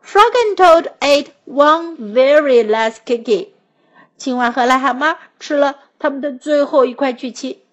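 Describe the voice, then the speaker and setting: A woman teacher reading a children's picture story aloud, gently and expressively, switching between two languages. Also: high-pitched, measured pace, dull audio.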